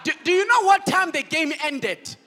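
A man's voice: very high voice, normal speed. A male pastor preaching a sermon, firing call-and-response questions at the congregation. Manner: animated, shifts between loud declaring and quiet asides.

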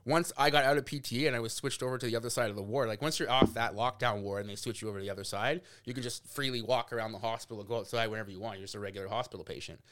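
A young man from Canada telling a story in casual podcast chat, animated and laughing, acting out quotes. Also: medium pitch, racing, few pauses. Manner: animated, laughs often, acts out quotes, swears. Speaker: podcast guest.

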